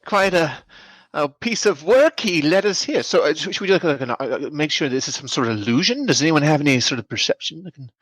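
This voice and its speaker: Stammering lively man, dry sound. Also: on the high side, a little fast, no room sound. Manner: stammering, animated. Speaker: player. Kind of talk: tabletop game chat.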